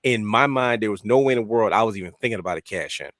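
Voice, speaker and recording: Fast-talking man with a low voice. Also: dry recording, studio quality. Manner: animated storytelling, acting out his own reactions. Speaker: podcast co-host. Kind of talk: casual chat.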